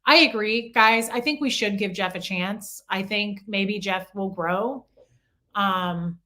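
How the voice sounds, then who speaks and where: A woman's voice: mid-range voice, takes it slowly, pushed and bright. A middle-aged woman hosting a casual livestream, chatting and answering viewer comments by name. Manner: coos baby talk at her small dog.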